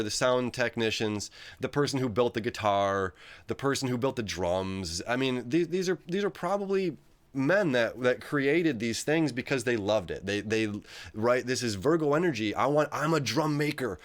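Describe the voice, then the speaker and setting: A man talking casually on his own, rambling and conversational, often checking in with "right?" as he goes. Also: medium pitch. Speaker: astrology video host. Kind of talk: casual solo monologue.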